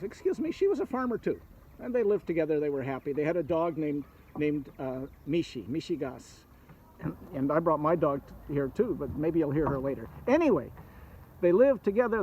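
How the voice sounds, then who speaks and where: A man telling a folktale aloud, intimate and animated, with playful asides to his listeners. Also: a little high, slight background noise, low-quality recording. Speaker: storyteller.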